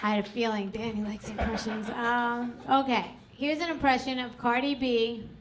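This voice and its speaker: A woman's voice: fairly high pitch, steady tone, moderate pace, background noise. A woman hosting a comedy club stage, doing chatty, self-mocking stand-up and working the crowd on a handheld mic.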